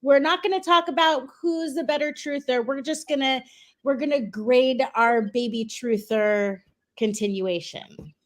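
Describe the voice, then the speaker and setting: A woman in her thirties, a guest on a show, telling stories in a chatty, animated way. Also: sits high, measured pace. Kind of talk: casual interview chat.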